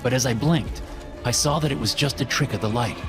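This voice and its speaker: A man reading a first-person horror story in a steady, measured way, as scripted narration. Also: mid-range voice. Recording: voice-over with loud music behind.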